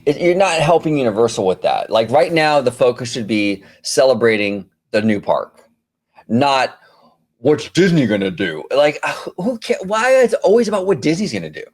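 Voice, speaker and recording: A man hosting a casual theme-park podcast, venting in an exasperated, animated way with lots of fillers. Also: medium pitch, moderate pace. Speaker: podcast host. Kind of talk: casual chat.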